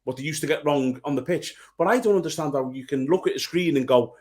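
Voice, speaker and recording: A man's voice: on the high side, fast talker, darkish tone. A man co-hosting a football podcast, blunt and heated, swearing freely as he rants. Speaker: podcast co-host. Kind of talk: casual football chat.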